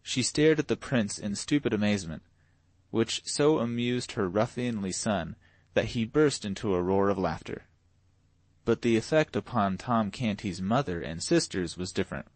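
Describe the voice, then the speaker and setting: A man reading a classic novel aloud as an audiobook narrator in an even, measured way. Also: on the low side, dry recording. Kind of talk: scripted narration.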